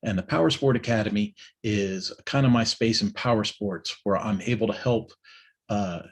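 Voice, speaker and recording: A middle-aged man with a slightly husky, breathy voice that sits fairly low. He rambles through an anecdote in a relaxed monologue, restarting his sentences and acting out the people he quotes. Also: normal speed. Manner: storytelling with many restarts, acts out quoted riders. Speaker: business owner giving a morning check-in. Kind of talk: casual spoken monologue.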